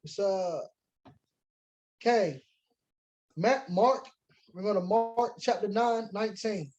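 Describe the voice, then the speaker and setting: A man's voice: high-pitched, slow pace, darkish tone, muffled recording, faint music behind. A man teaching a sermon-style Bible lesson to a congregation, reading scripture aloud and defining words, switching between emphatic preaching and casual asides.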